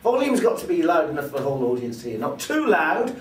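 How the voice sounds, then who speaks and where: A man's voice: fairly high pitch, very animated, fast talker, a little hiss or hum. A man teaching presentation skills who acts out vocal examples as he explains them. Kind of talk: teaching with spoken demonstrations. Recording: roomy sound from a distance, faint ambience.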